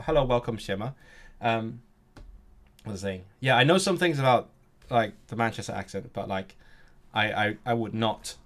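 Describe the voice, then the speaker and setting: A young man hosting a casual language-learning live stream, reacting to chat, often restarting his sentences and trying out halting Turkish and Welsh phrases. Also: medium pitch, fairly bright tone.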